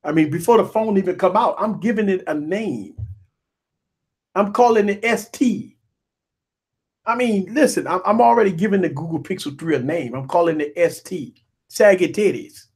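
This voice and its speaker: A man hosting a live tech stream, joking and ranting in an animated, repetitive way. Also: high voice, normal speed, breathy edge. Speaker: tech show host.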